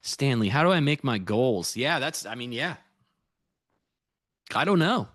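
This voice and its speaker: Clean studio audio with no echo carries this American man's mid-range, fairly bright voice, which has lively intonation and a measured pace. He's a futures trader on a casual livestream, going over his trades and chatting loosely with his audience.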